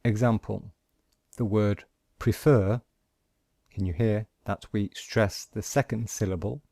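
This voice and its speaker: A man teaching pronunciation, patiently explaining phonetic symbols and modelling each sound slowly. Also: fairly low pitch, steady tone, gravelly, darkish tone, dry recording, clean studio sound. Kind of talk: slow, deliberate lesson explaining phonetic symbols.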